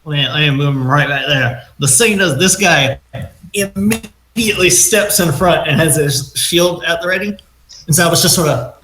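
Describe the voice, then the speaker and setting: A man's voice: on the high side, measured pace, fairly bright tone. A man narrating as game master of a tabletop game, in a rambling way that often restarts mid-sentence. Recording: echoey room, faint noise.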